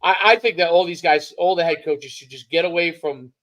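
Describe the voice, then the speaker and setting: A man co-hosting a casual sports podcast, rambling and animated with frequent restarts. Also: on the high side, brisk, poor audio. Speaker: podcast co-host.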